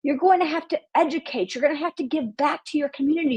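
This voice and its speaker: A woman's voice: high voice, fast talker, few pauses, a little mellow. A woman hosting a marketing podcast, speaking bluntly with profanity and a fired-up, outspoken manner.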